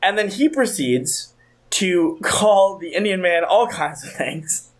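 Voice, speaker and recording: A man's voice: high voice, expressive, takes it slowly. A young man in his twenties co-hosting a podcast, telling a rambling, profane story in casual chat. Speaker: podcast co-host.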